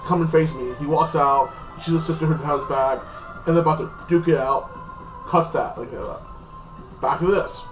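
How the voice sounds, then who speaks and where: In a slightly high, steady voice at a moderate pace, a TV show reviewer gives a rambling, casual rundown of an episode, repeating "like this" and "freaking" often. The sound is echoey, with a distant mic and faint music.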